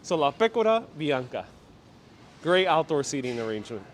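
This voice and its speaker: A man from New York City, with a voice a bit high for a man, leads a live walking tour outdoors on city streets. He chats easily with viewers, reading their comments aloud and answering them. Faint traffic hums behind him. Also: big pitch swings, normal speed. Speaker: walking-tour livestream host.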